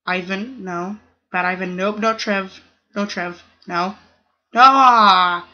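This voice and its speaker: A young woman talks slowly through her gameplay, chatting to the other players and squealing protests. Her voice comes through a dull, lo-fi home recording. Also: mid-range voice, fairly even intonation, a bit bright. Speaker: gaming channel host. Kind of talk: casual gameplay commentary.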